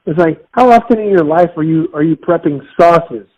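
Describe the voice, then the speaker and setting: A man's voice: a little high, normal speed, darkish tone, muffled recording. A man from Miami chatting on a podcast, telling stories in a rambling way. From Miami, United States. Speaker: podcast co-host. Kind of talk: casual chat.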